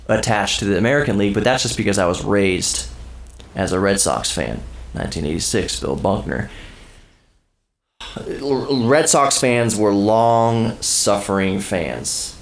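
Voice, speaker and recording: A man's voice: fairly low pitch, slight background noise. A man from Texas, under the weather, hosting a podcast in casual chat, rambling and joking with strong opinions. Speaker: podcast host.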